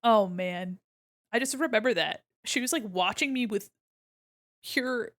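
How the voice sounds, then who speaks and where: A young woman streamer chatting casually with her viewers while she draws, animated, laughing often and swearing freely. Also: fairly high pitch, measured pace, long pauses. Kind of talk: casual chat with a live stream chat while drawing.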